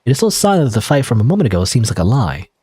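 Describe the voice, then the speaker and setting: A man's voice: medium pitch, big pitch swings, very fast, dark tone, slightly rough, no room sound. A man casually reading a visual novel aloud and chatting about it, rambling with lots of "like" and "you know". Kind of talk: casual let's-play commentary and narration.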